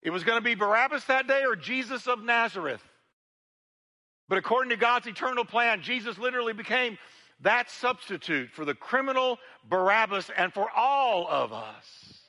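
In a large church sanctuary, a male pastor with a high-sitting voice preaches to his congregation. He swings between loud emphasis and hushed, intimate passages, often repeating words as he builds.

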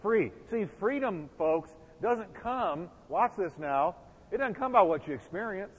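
A man's voice: high voice, lively intonation, unhurried, husky, big-room sound, muffled recording. A man preaching a sermon as pastor, building emphasis and putting questions to the congregation.

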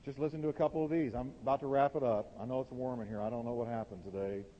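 A man preaching a sermon from the pulpit, emphatic, swinging between loud and quiet lines. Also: mid-range voice, rapid-fire, a little hiss or hum. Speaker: pastor. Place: warm church sanctuary. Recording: dull, reverberant church recording.

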